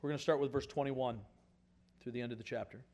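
A male pastor preaching a sermon in a conversational, folksy way, swinging from quiet asides up to emphatic, louder points. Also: fairly even intonation, fast talker. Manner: rises in pitch and volume for emphatic points, drops to quiet asides.

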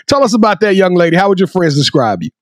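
A man's voice: sits high, big pitch swings, fast, dry recording, clean studio sound. A man hosting a casual sports interview, playful and hyping up his guest, often repeating words as he talks. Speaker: host.

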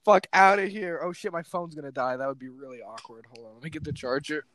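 A man's voice: fairly high pitch, fast talker, fairly bright tone. A man co-hosting a casual podcast, joking around, swearing and laughing often, without his usual microphone. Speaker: podcast co-host. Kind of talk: casual chat. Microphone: not his usual microphone.

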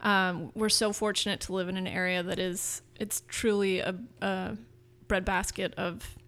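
A woman in her thirties from Northern California talks about her food business in a casual interview. She is eager and chatty, often restarting her sentences, and her voice sits at a mid pitch. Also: little pitch movement, unhurried, a bit bright. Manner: enthusiastic, chatty with frequent restarts.

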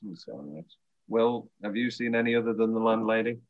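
A man's voice: fairly low pitch, little pitch movement, brisk, phone-quality sound. A man hosting a podcast, chatting enthusiastically and laughing often. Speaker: podcast host. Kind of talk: casual chat.

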